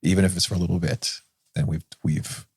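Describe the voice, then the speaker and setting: Deep, husky-voiced man co-host. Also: steady tone. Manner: earnest, a bit halting. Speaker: podcast co-host. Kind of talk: casual conversation.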